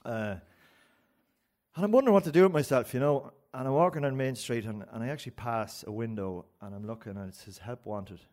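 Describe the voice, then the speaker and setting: Irish male storyteller, animated and rambling, mid-pitched voice, live stage tale. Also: brisk. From Ireland. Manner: rambling and animated, with frequent restarts and laughs.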